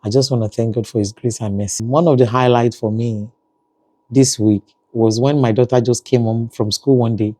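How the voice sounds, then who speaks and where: A man's voice: mid-range voice, steady tone, moderate pace, warm tone, dry recording. A man with a Nigerian accent, talking casually in a family vlog and often saying "you know". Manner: conversational, frequent "you know" fillers. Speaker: family vlogger.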